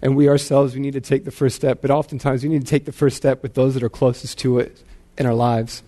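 A man's voice: medium pitch, little pitch movement, fast, dark tone. A man in his thirties, a pastor, preaching a sermon in a casual, self-deprecating storytelling way with frequent repeated words.

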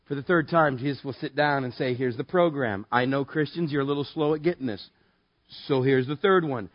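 A man preaching a sermon in a casual, joking way that builds to loud, emphatic passages. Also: mid-range voice, brisk, no room sound, highs cut off. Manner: conversational, jokey, rising to loud emphatic preaching. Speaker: pastor.

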